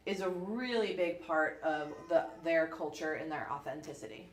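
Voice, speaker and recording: A woman's voice: lowish voice, a little fast, few pauses. Chatty woman in an echoey room. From United States. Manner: chatty, animated storytelling with many "like" fillers. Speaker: podcast co-host. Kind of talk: casual book club chat.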